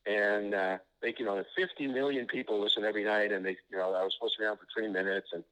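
A man's voice: lowish voice, steady tone, fast, a bit bright, poor audio. A man being interviewed as an author, telling anecdotes in a rambling way, often restarting sentences and filling gaps with "you know.".

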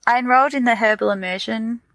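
A woman's voice: on the high side, quick pace, a bit bright, dry recording, rough recording. A woman from Tasmania with an Australian accent, chatting casually as a podcast co-host, rambling with fillers and restarts. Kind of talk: casual chat.

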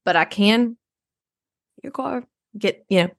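An actress playing a self-absorbed rich suburban adoptive mom in an improvised comedy podcast, rambling and oversharing. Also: female voice, mid-range voice, takes it slowly, dry recording, clean studio sound. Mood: rambling, chatty.

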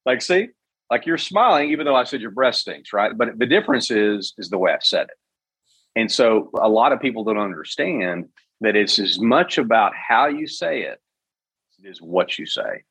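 A man's voice: fairly low pitch, animated, moderate pace, a bit bright, husky, no room sound, low-quality recording. A man on a video call, explaining ideas in a coaching way and asking rhetorical questions. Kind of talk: casual podcast chat. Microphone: video call microphone.

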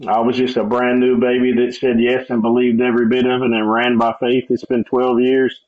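A middle-aged man telling his life story in a casual, animated way, acting out the people he quotes and laughing often. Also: medium pitch, fairly quick. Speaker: guest sharing testimony. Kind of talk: conversational testimony. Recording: slightly dull, lo-fi sound.

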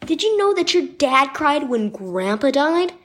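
A woman voicing a caring mother who speaks softly and reassuringly to her hurt son. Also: sits high, big pitch swings, measured pace, pitched above the performer's own voice, full character voice. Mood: comforting. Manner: soft, reassuring.

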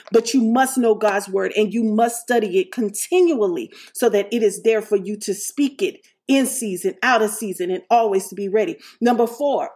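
A woman's voice: on the high side, darkish tone. A woman preaching a sermon with emphasis, repeating key lines and punctuating them with hallelujah. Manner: slows and stretches words for emphasis.

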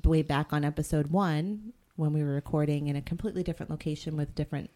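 A woman's voice: low-pitched, fairly even intonation, fast, dark tone. A middle-aged woman from the Boston area co-hosting a podcast, chatting at length about the show's plans. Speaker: podcast co-host. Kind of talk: casual podcast chat.

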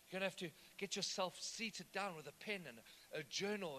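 A pastor whose voice sits high speaks briskly with lively intonation and a sharp tone, over a slight hiss or hum. His sermon feels conversational, with frequent questions to the congregation about whether they follow.

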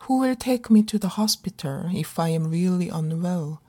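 A middle-aged woman actor performing a dramatic monologue in an earnest, pleading, measured way. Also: on the low side, animated, warm tone, breathy edge. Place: living abroad as a migrant in a big city.

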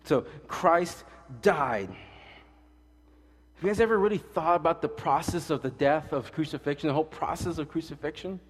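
A male pastor preaching a casual, fast-talking sermon with jokes and stories, swinging between loud emphatic lines and quiet asides. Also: a little high, slightly rough, long reverb tail.

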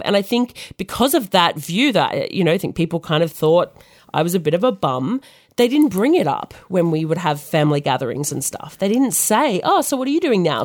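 Young Australian woman for a chatty podcast, frank storyteller with an animated pitch and a close, dry sound. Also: no echo. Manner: chatty, frank, lots of "like" fillers. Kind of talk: casual storytelling.

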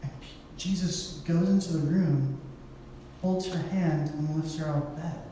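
A man's voice: a little high, fairly even intonation, measured pace, dark tone, recorded from a distance, slight background noise. Man preaching in an echoey hall. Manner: casual storytelling with playful voices for quoted people. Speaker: pastor. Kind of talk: sermon.

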